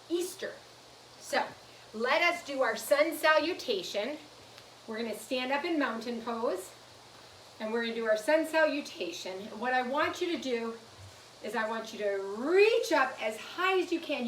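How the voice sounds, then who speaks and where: Woman coaxing little kids thru yoga poses, gentle playful, sounds far off in an echoey room. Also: sits high, slight background noise. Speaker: preschool yoga teacher. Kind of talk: guided kids' yoga lesson. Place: room in a nursery school. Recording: echoey room, mic at a distance.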